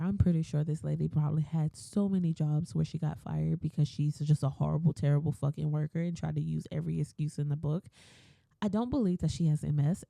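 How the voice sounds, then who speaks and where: A young woman with a dark, gravelly, rather low voice rants on her podcast, swearing freely and mimicking others. The sound is dry and close, like a small home mic setup. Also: no echo. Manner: blunt, swearing, laughing, quotes people in mimicked voices. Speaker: podcast host. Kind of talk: ranting solo podcast.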